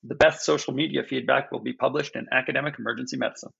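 Male physician guest, measured and explanatory; very gravelly, raspy, muffled lo-fi audio. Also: mid-range voice, steady tone, a bit bright. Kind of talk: podcast discussion. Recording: dull, lo-fi sound.

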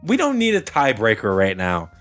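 A man from Canada co-hosting a podcast in casual chat, excitable, stammering and restarting. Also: on the low side, moderate pace, soft background music. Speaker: podcast co-host.

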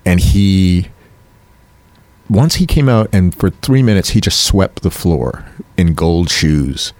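A man's voice: low voice, slow, dry recording. A man hosting a comedy show, telling stories in a casual chat and acting out the voices of people he quotes. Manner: animated storyteller, acts out quoted voices.

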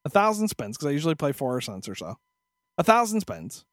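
A man's voice: a little high, wildly swooping pitch, a little fast, fairly bright tone, no room sound, studio quality. A man co-hosting a podcast, telling a story as a profane, exasperated rant in casual chat. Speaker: podcast co-host.

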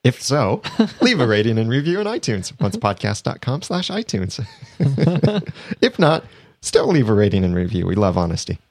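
A man's voice: fairly low pitch, darkish tone, no room sound. A man hosting a podcast in a chatty, casual way, reading sponsor plugs and laughing often. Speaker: podcast host.

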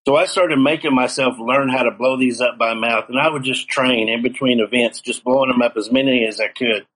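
Middle-aged male guest, mid-pitched, earnest testimony storyteller. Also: fairly even intonation, a little fast, a bit bright, rough recording. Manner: earnest storytelling, acts out quoted dialogue. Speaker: guest telling his life story. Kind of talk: personal testimony in an interview.

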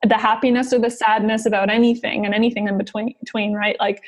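A woman's voice: fairly high pitch, level tone, quick pace. A woman hosting a podcast, reacting to her guest with effusive praise and encouragement and many casual fillers. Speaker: podcast host. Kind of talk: casual interview chat.

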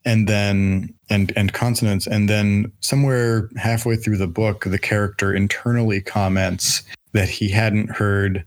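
A man's voice: on the low side, little pitch movement, a little slow, few pauses. A man hosting a casual book podcast, talking enthusiastically and thinking aloud with frequent restarts. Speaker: podcast host. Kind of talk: casual book-club chat.

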